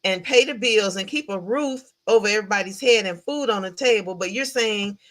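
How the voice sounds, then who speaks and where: Woman host, chatty film recap, animated, laughs often, asks chat questions. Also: mid-range voice, brisk. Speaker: podcast host reviewing a film. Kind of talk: casual livestream film recap.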